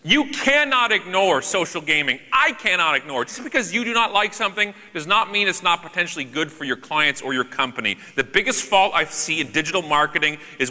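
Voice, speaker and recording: A man giving a conference keynote to a live audience, joking and animated with sarcastic asides, on a stage microphone in a large hall. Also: fairly high pitch, brisk, few pauses. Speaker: keynote speaker. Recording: long hall reverb.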